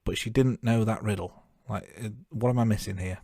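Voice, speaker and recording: A man's voice: lowish voice, fairly even intonation, a little fast, creaky, mellow, no room sound, clean studio sound. A man co-hosting a film podcast, chatting casually and joking at his own remarks. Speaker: podcast co-host. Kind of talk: casual film-review chat.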